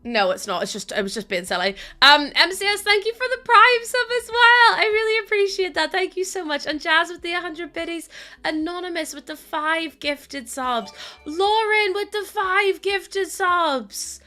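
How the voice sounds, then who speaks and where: A woman's voice: very high-pitched, animated, moderate pace, bright, forceful tone, faint music behind. A young woman chatting casually on her live stream, worn out, chatty and prone to giggling as she thanks viewers. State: tired.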